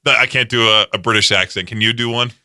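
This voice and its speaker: Bright-voiced joking radio host man. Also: fairly low pitch, fairly even intonation, fast, no echo, clean studio sound. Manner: jokey, laughs often, teasing. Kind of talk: casual morning radio banter. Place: radio studio.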